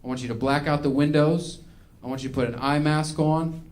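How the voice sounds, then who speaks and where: A man playing a calm, earnest hippie acupuncturist who speaks in a slow, soothing way, as part of a stand-up routine. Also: a little high, close to an everyday voice.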